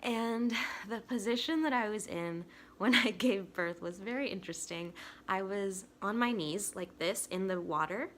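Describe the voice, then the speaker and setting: Excitable chatty young woman. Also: medium pitch, normal speed, slight background noise. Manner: excitable, chatty, talks with 'like' often. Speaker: vlogger. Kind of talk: casual personal storytelling.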